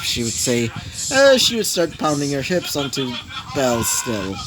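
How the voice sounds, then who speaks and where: A man's voice: medium pitch, sing-song, a little slow. A young man improvising a fan story aloud, rambling with many fillers. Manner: rambling, full of 'you know' and 'basically'.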